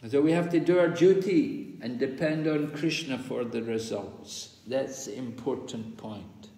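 A man's voice: mid-range voice, darkish tone. A man teaching a scripture study class, explaining patiently, repeating key points and asking rhetorical questions. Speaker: spiritual teacher giving a course class. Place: large hall at a pilgrimage site in India. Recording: reverberant hall sound.

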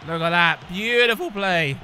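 A young man reacts live to a match he is playing, his voice high, bright and swinging all over the place. He cheers, groans and urges his players on. A faint hiss sits under the recording. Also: normal speed. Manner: animated, cheering and groaning at the screen. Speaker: gaming video host. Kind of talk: excited live gameplay commentary.

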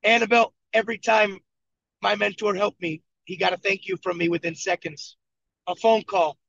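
The speaker, a team leader and coach from Buffalo, New York, tells his story with emphatic repetition while running a motivational session over video call from a moving vehicle. He has a high-pitched, creaky, fairly bright voice, a steady tone and a moderate pace. Audio quality is dull and lo-fi.

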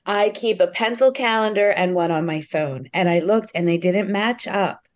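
A woman comedian on a video call, telling a personal story in an animated way and acting out the quotes. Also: mid-range voice, normal speed. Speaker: comedian guest.

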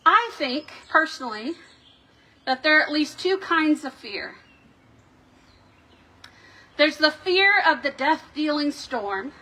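High, bright-voiced woman pastor preaching slowly. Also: expressive. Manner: measured, reflective preaching with dramatic quoted questions. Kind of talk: sermon. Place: church sanctuary.

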